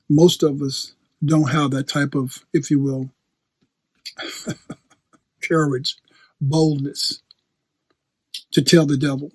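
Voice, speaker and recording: Male preacher, breathy tone, dry close sound; loose, storytelling sermon delivery with restarts. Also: a little high, level tone, takes it slowly, pauses often, dry recording. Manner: chatty, laughs often, repeats and restarts phrases. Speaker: pastor. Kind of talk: conversational sermon.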